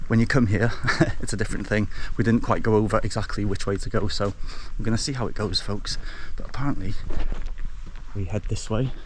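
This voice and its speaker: A man's voice: fairly low pitch, steady tone, brisk. A man talking casually to his viewers while walking outdoors, with a chatty manner and a habit of calling them folks. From Wales. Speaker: travel vlogger. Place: outdoors on coastal paths and village lanes. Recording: outdoor camera audio with clear background noise.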